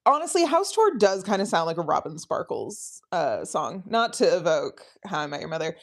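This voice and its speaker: A woman's voice: fairly low pitch, very animated, normal speed, few pauses. Giggly rambling woman streamer. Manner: rambling and giggly, many ums and laughs. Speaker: streamer hosting a live study session. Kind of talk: casual livestream chat.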